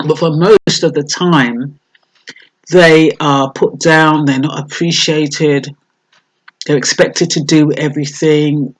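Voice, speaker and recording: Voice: mid-range voice, fairly even intonation, slow pace, poor audio. A vlogger giving a casual, reflective monologue, thinking aloud with many hesitations and fillers.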